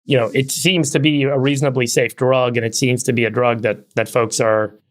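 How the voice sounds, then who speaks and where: A man's voice: mid-range voice, fairly even intonation, a little fast. A middle-aged man co-hosting a podcast, explaining at length and fluently, with frequent word repeats. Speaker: podcast co-host.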